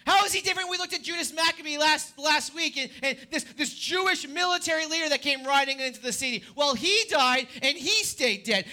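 A man preaching an Easter sermon in a church, animated, swinging between loud emphatic lines and hushed, quiet ones. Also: extremely high pitch. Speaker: pastor.

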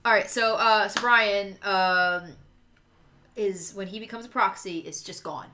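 Bright-voiced woman chatting casually. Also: medium pitch, fairly even intonation, a little slow, slight background noise. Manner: chatty, rambling, acts out quotes. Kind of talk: casual chat.

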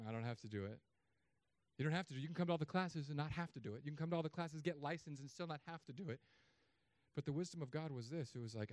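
Pastor in his thirties, animated storyteller, fairly high voice, dry close sound. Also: fast, no echo. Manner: animated storytelling with sudden loud, high bursts. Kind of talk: sermon.

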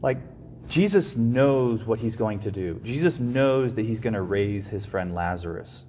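A man's voice: on the low side, lively intonation, unhurried, mellow, in a large hall, slight background noise. A man giving a reflective sermon, often restarting and repeating his phrases. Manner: reflective, with frequent restarts and repetitions. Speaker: preacher.

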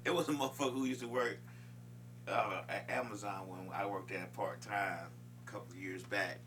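A man's voice: lowish voice, steady tone, moderate pace, fairly bright tone. A man co-hosting a casual podcast, laughing often and telling work stories with quoted voices. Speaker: podcast co-host. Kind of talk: casual chat.

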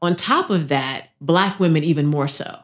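A woman in her thirties co-hosting a podcast, chatting casually and acting out quotes with big jumps in pitch. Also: moderate pace. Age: 30s. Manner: animated storyteller, acts out quotes with pitch jumps. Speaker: podcast co-host. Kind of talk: casual chat.

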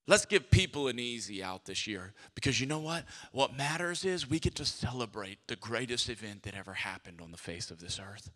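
A man preaching a sermon as a pastor, telling stories with lively, acted-out voices. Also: mid-range voice, fairly quick, few pauses, long reverb tail. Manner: animated storytelling, acts out quoted voices. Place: church sanctuary.

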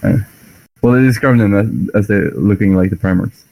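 Man casual book chatter, low voice, dry close sound, animated storyteller. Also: normal speed, no room sound, poor audio. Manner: animated storyteller, acts out lines with laughs. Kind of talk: casual chat about books.

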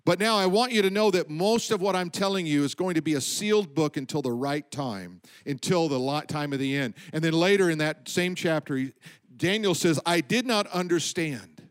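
A man with a high voice preaches a sermon. He speaks with emphasis, slows down on his key points, and lets his voice fall low at the ends of lines. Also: clean tone. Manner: emphatic preaching, slowing for stress and dropping low at line ends. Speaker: pastor.

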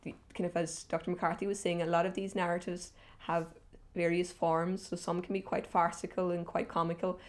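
Woman discussing folklore, eager storyteller, low and fairly flat delivery. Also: brisk, few pauses. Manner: enthusiastic, retells legends. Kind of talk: academic conversation.

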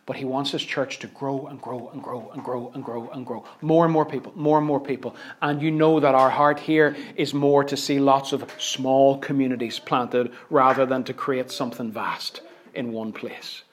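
A man's voice: mid-range voice, fairly even intonation, moderate pace, slight background noise. Emphatic Northern Irish man preaching. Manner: emphatic, with repeated phrases and swings from hushed asides to loud stresses. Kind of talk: sermon.

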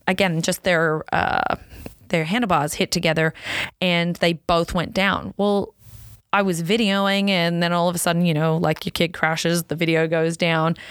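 Chatty mom telling a story, dry mic. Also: female voice, clean tone, dry recording. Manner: chatty, many fillers, pitch jumps up when excited. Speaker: podcast host, racer's wife and mother. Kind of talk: casual personal storytelling.

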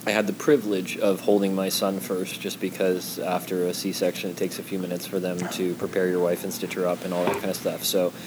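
In a casual chat, a low-voiced man speaks briskly with a flat delivery and barely pauses. He comes across as earnest and reflective, frequently restarting his sentences, and noticeable background noise runs through the recording.

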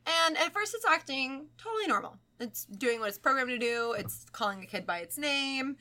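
A young adult woman co-hosting a podcast, telling a creepy story in casual chat, animated and swearing freely. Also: high-pitched, moderate pace, hardly any pauses. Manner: animated, swearing, acts out quoted voices. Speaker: podcast co-host.

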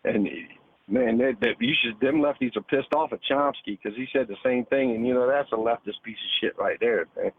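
A man's voice: mid-range voice, a little fast, slightly rough. A man rants into a call-in show over a thin phone line, his voice narrow and tinny. He swears constantly and hammers the same points again and again, tacking "man" or "dude" onto nearly every phrase. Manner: profane, repetitive, ends phrases with "man" and "dude". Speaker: caller. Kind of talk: heated call-in rant.

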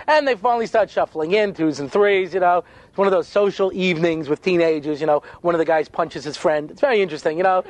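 A man, a rabbi, telling funny stories in an animated way, with quick asides and acted-out voices. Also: high-pitched. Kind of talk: humorous storytelling talk.

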